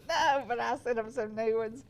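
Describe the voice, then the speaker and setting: An older woman hosting a local TV talk show, chatty and quick to laugh, wheezy and congested. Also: a little high, a crowd in the background. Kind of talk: casual chat. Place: TV studio set.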